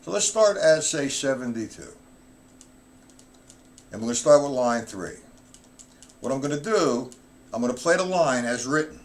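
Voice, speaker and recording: A middle-aged man teaching a live-streamed drum lesson, counting rhythms aloud loud and slow between explanations. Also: mid-range voice, expressive.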